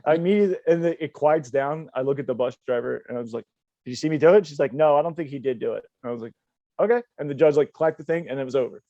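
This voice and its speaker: Dark-voiced man telling rambling stories. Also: fairly high pitch, rapid-fire, no room sound. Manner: rambling, profane, laughing storyteller. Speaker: podcast co-host. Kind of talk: casual storytelling. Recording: dull lo-fi podcast audio.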